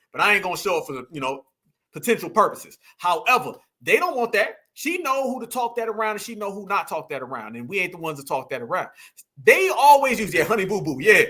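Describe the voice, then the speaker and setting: A man hosts a live reaction stream in a high, bright voice. He talks emphatically in loose slang, pressing the clips he plays with pointed rhetorical questions. He speaks directly to his chat. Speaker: host.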